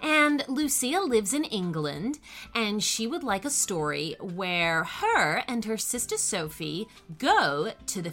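A woman reading a children's story aloud, expressive and animated, talking straight to the young listeners. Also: medium pitch. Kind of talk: bedtime story narration. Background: soft music.

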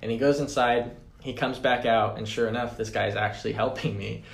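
A man's voice: medium pitch, steady tone, brisk, gravelly. A young adult man, a podcast guest, telling a personal story in a casual, rambling way full of "like" and "man". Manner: rambling, fillers like 'like' and 'man'. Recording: roomy echo.

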